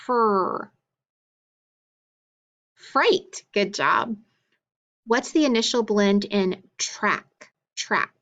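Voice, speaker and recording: Slow, patient phonics teacher, woman. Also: medium pitch, lo-fi sound. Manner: patient, sounds out letters and praises answers.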